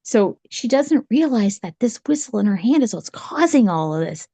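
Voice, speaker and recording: A woman's voice: fairly high pitch, sing-song, normal speed, creaky, few pauses, dark tone, no room sound. A woman podcast host telling a spooky story in a chatty, casual way, with lots of repeated phrases.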